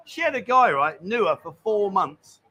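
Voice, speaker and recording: A man's voice: high-pitched, sing-song, normal speed, bright, forceful tone. A man hosting a casual live stream, chatting and reading out viewer greetings. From England.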